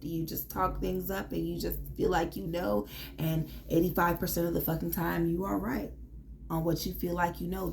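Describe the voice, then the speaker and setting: With a lowish, gravelly and slightly mellow voice, a woman delivers a casual tarot reading over a little hiss or hum. Blunt and profane, she swears freely and pushes her listeners on with emphatic pep-talk energy.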